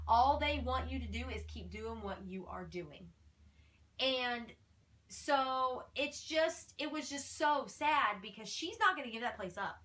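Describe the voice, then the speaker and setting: Bright-voiced woman recapping casually. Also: fairly high pitch. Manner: chatty and animated, retelling scenes with quoted dialogue. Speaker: video host recapping a TV episode. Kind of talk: casual commentary vlog.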